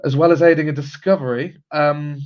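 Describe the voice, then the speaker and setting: A man's voice: on the high side, steady tone, brisk, darkish tone. A man hosting a live stream, chatting casually through viewer comments with frequent ums and chuckles. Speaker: host of a live genealogy stream. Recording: slightly muffled lo-fi audio.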